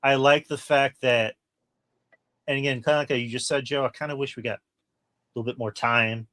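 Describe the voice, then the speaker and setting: A man's voice: medium pitch, steady tone, a little fast, sharp tone, no room sound. A man hosting a casual movie review podcast, retelling scenes at length and acting out the characters' lines. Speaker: podcast host.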